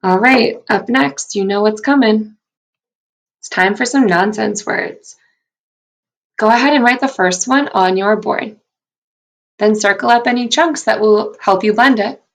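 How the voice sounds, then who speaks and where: Cheerful lady teacher talking to little kids, slow and clear, sounding out letters, mid pitch. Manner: upbeat, encouraging, speaks slowly and clearly to young kids; sounds out letters and syllables deliberately. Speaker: first grade teacher. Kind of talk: recorded video phonics lesson for children.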